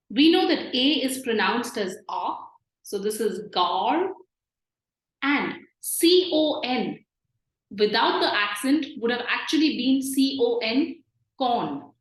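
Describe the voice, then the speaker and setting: Woman teacher, slow and patient, repeats sounds, kinda echoey room. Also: on the high side, lively intonation. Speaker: French teacher. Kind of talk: slow explanatory lesson.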